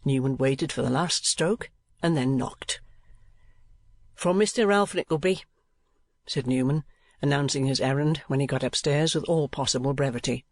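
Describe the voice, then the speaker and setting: A man giving a measured, expressive audiobook narration. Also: medium pitch, no echo. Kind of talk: scripted narration.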